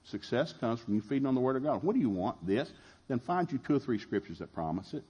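Middle-aged preacher, husky, fervent, plays out quoted voices. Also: male voice, mid-range voice, animated, fast, darkish tone, lo-fi sound. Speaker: pastor. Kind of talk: sermon.

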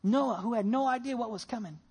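A pastor preaching a sermon in a church, telling a story with lively rhetorical questions and dropping into soft, low tones for prayer. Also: a little fast, slightly rough.

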